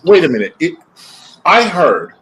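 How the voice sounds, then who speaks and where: A man hosting a stream, chatting in an animated, teasing way. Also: a little high, normal speed, slightly rough, poor audio. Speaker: stream host. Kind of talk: casual chat on a stream.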